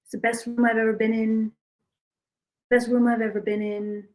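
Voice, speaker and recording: A woman's voice: on the high side, level tone, a little mellow, close to an everyday voice, low-quality recording. A woman doing an impression of a boastful older male politician who keeps repeating superlatives. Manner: repeats superlatives, drawn-out bragging.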